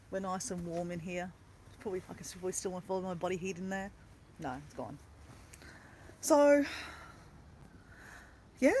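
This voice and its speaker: A woman's voice: mid-range voice, darkish tone, slight background noise. An Australian woman chatting casually on a livestream from her camper van, playful and talkative as she greets viewers. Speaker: vlogger greeting live viewers.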